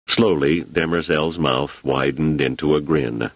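An audiobook narrator with a deep voice reads a novel in an expressive, scripted style, his pitch swinging widely and animatedly. He keeps an unhurried pace, and the close, dry recording has no room sound whatsoever.

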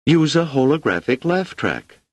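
A man reading an audiobook voices an indignant, skeptical woman colleague, raising his voice high for her. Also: sing-song, a little slow, dry recording. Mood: scornful.

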